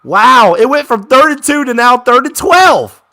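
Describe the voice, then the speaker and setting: With a measured pace, a young fan provides casual live commentary on a game, dropping into low grumbling and rising to excited shouts over big plays.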